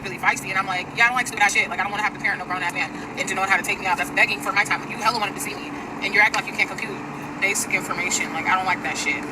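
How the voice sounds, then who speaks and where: Young woman, rapid-fire profane storytime rant, street traffic behind. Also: medium pitch, distant mic. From US Pacific Northwest. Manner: fast, profane, exasperated. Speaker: storyteller in stitched clip.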